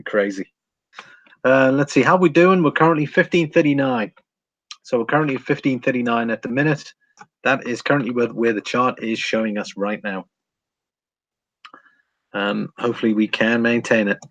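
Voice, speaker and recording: A man's voice: medium pitch, moderate pace, long pauses, a bit bright, dull audio. Rambling man hosting a livestream. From England. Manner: rambling, many ums, chuckles often. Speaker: precious metals livestream host. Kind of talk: casual livestream chat reading viewer comments.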